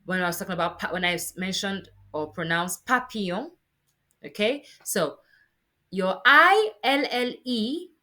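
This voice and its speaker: A woman teaching French sounds in a patient, encouraging lesson, modelling each sound slowly. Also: medium pitch, pushed and bright. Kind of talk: spoken lesson on pronunciation.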